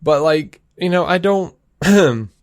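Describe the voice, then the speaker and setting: A man co-hosting a podcast, arguing his point in an animated, casual way and swearing now and then. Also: a little high, a little slow, no echo, studio quality. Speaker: podcast co-host. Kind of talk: casual debate.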